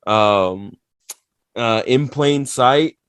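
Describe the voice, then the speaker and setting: A man co-hosting a casual podcast, talking in a blunt, profane and animated storytelling way. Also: mid-range voice, extremely slow, clean tone, dry recording. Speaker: podcast co-host.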